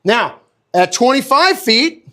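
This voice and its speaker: A man teaching as a dog trainer in a live online class, animated and conversational, often checking in with his listeners and answering viewers by name. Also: very high voice, slow pace. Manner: replies to viewers' comments by name.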